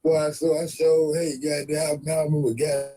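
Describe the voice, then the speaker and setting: A man telling a comedic story in a loose, profane rant with a husky voice. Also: on the high side, level tone, normal speed, mellow, poor audio. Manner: profane, loose, laughing asides.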